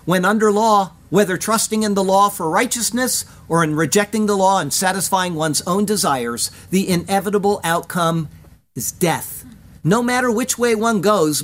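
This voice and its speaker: Measured, weighty Bible teacher. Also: mid-range voice. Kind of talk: scripted verse-by-verse Bible commentary.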